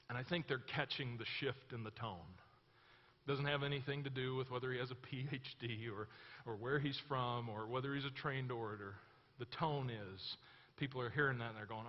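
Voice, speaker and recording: A man's voice: on the high side, animated, normal speed. A man preaching a sermon, telling a story casually, then reading scripture aloud with emphasis. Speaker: pastor. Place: church hall. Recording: muffled church hall recording with long reverb.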